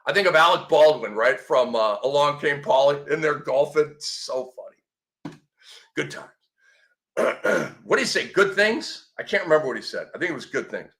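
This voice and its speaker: A man in his fifties hosting a sports show, talking in a sarcastic, excitable way and breaking into mock shouts. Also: fairly high pitch, normal speed. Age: 50s. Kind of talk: animated sports commentary.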